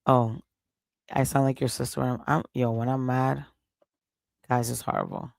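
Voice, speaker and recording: A man's voice: medium pitch, flat delivery, moderate pace, creaky, long pauses, no echo. A man hosting a livestream, ranting in a heated, profane way and repeating his points. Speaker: livestream host. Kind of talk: casual livestream rant.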